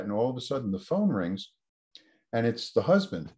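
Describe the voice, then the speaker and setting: A man's voice: medium pitch, sing-song, a little fast, a little mellow. A man, a researcher, telling a story in an interview answer and acting out the quoted voices with lots of energy. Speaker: researcher guest.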